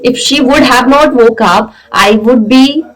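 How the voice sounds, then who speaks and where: Chatty Indian woman vlogger, high voice. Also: poor audio. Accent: Indian English. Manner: chatty, laughs often, fills pauses with uh. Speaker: vlog host. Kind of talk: casual couple vlog chat.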